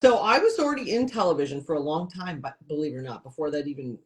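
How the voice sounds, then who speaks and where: Chatty woman telling lively stories. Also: sits low, fast talker. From Syracuse, New York. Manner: lively storyteller, acts out quoted voices. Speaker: guest comedian and TV host. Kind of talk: casual interview chat.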